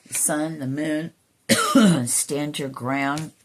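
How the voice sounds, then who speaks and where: A woman giving an emotional, earnest spiritual card reading, sometimes dropping into soft whispers and swearing casually. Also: sits low, lively intonation, drawn-out words, a little hiss or hum. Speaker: intuitive card reader.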